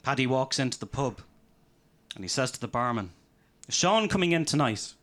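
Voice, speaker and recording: Deadpan stand-up man, lively pitch. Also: normal speed. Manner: deadpan one-liner delivery. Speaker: stand-up comedian. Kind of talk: live stand-up set. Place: comedy venue with live audience.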